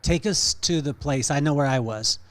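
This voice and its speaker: Podcast host guy, asks quick questions, casual chat. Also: on the high side, fairly bright tone. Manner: prompts the guest with short questions. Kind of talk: casual interview.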